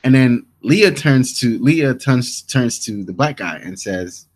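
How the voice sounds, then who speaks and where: A man co-hosting a podcast casually recaps a TV episode, rambling through the scenes, quoting lines and restarting often. His mid-range voice is expressive and slow.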